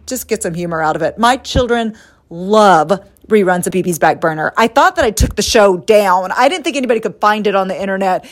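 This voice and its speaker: A middle-aged woman from the United States hosting a podcast, telling personal stories in a candid, animated way and acting out quoted lines. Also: mid-range voice. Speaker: podcast host. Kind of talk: personal storytelling monologue.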